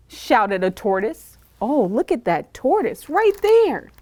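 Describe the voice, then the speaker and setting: Animated, high-voiced children's librarian. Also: female voice, slow pace, few pauses, dry recording. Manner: animated, asks kids questions. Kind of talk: children's story time reading.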